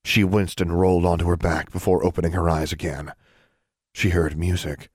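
Man, very low voice, audiobook narration, even delivery. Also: normal speed, slightly rough, dry recording. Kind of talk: scripted narration.

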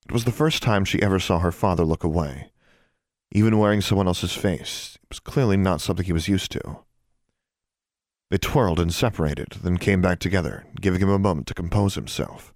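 A man narrating a fantasy audiobook in an even, measured storytelling manner. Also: sits low, no echo, clean studio sound.

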